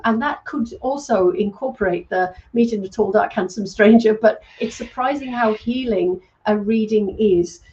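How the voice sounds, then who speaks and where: With lo-fi sound and a fairly high voice, a British psychic medium in middle age hosts a casual stream, reading comments from viewers. Born in England and brought up in Wales, she chats freely, gives warm thanks, and uses many ums.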